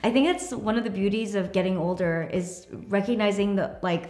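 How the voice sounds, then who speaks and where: A woman's voice: medium pitch, fairly quick, darkish tone. A young woman chatting casually with her partner, giggly and full of "like" fillers. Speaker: vlogger co-host. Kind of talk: casual couple Q&A chat. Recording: echoey room.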